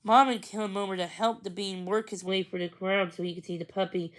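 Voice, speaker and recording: A woman reading a children's book aloud, narrating slowly, carefully and expressively. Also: medium pitch, fairly even intonation, low-quality recording. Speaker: storybook reader.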